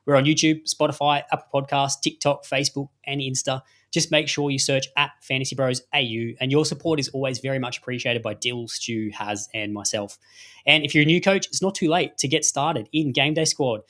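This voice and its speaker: A man's voice: mid-range voice, fairly even intonation, fairly quick, hardly any pauses, a bit bright. A man with an Australian accent hosting a live fantasy sports show, talking in chatty, upbeat promo patter and apologising often. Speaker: podcast host.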